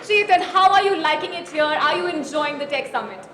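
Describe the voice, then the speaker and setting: A woman's voice: high-pitched, a little fast, fairly bright tone. A woman with an Indian English accent interviewing guests at a conference, polite and upbeat. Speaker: event host interviewer. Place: busy conference hall. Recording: echoey hall with crowd chatter.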